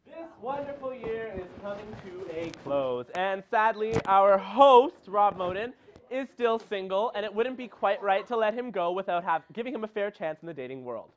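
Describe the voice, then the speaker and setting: A young man with a high voice reads a comic script in a deadpan mock-promotional tone. The recording sounds dull and lo-fi. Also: moderate pace, slight background noise. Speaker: segment narrator.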